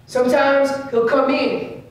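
A man's voice: extremely high pitch, flat delivery, a little slow. A man giving an informal elk-calling seminar in a large indoor store space. He repeats key phrases, voices what the elk are thinking, and uses casual slang. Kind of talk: informal hunting seminar talk. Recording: echoey room, speaker far from mic, faint hum.

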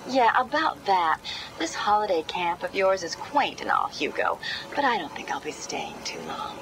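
Game cat burglar: sarcastic, teasing, defiant, very expressive inflection. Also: female voice, mid-range voice, moderate pace, slight background noise, poor audio.

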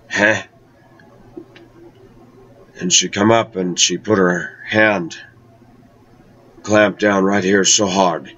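A man with a lowish voice recounting a personal travel story in a chatty way. He stretches out words for emphasis. The recording sounds dull and lo-fi. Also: steady tone, fairly bright tone. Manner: conversational, with slow, drawn-out emphasis.

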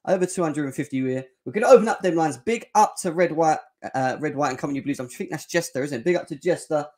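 A young man hosting a live fan reaction show, excitable and slangy, often shouting and joking. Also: a little high, fast. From England. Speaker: fan channel host.

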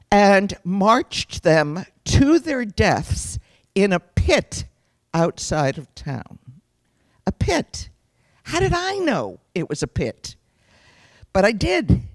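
A middle-aged woman from the United States, a guest speaker giving an earnest, reflective personal testimony at a lecture, pausing to correct herself as she goes. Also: mid-range voice, no echo.

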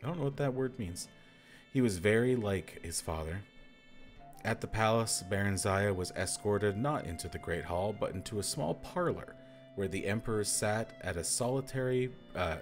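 A man hosting a podcast, reading a book aloud and breaking off for dry, wry asides. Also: lowish voice. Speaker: reader and podcast host.

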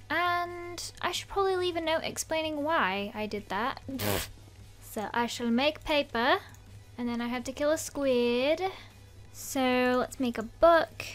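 A young woman with a high, light voice narrates her game as a let's play host. She chats playfully and keeps breaking into excited little gasps. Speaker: gaming channel host.

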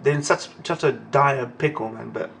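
A man's voice: medium pitch, normal speed, creaky, a bit bright. A young man giving a live reaction to reading manga, talking emotionally and swearing freely, ending phrases with "man". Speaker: anime and manga reaction host.

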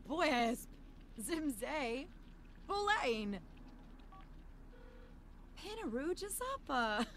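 A woman's voice: high voice, a bit bright, slight background noise, pitched above the performer's own voice, full character voice. A woman voicing a chattering female video game character who babbles singsong made-up nonsense words.

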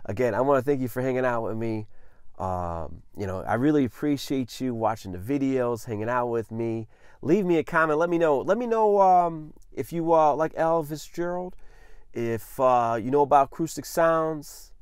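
An enthusiastic man talks casually through a vinyl unboxing, gushing and peppering every phrase with "man." His voice sits at an ordinary middle pitch. The sound is close and dry, with almost no room echo. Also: normal speed, a little mellow, clean tone. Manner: enthusiastic, effusive, says "man" constantly.

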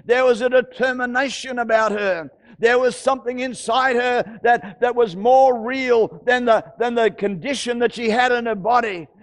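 A man pastor with an Australian accent preaching an impassioned sermon, repeating phrases and rising to shouts. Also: very high-pitched, normal speed, few pauses.

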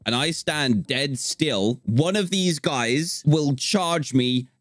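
A man giving excitable Minecraft gameplay commentary, laughing often and talking to the game's animals. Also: fairly high pitch, slow, no room sound, studio quality. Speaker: gaming YouTuber.

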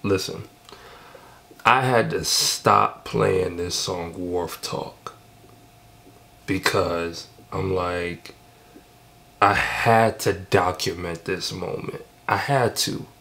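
A man giving excited, emphatic casual commentary while reacting to a song. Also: low-pitched, drawn-out words, creaky, long pauses. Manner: excited, emphatic, repeats himself. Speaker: music reaction vlogger.

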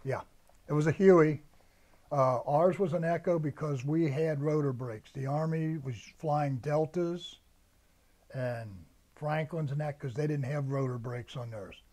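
A man's voice: a little high, a little slow, darkish tone. An older American man, a veteran, recalling his service in a rambling, storytelling way and acting out the orders he was given. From United States. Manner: storytelling, acts out the sergeants' orders. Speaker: veteran interviewee. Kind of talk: oral history recollection.

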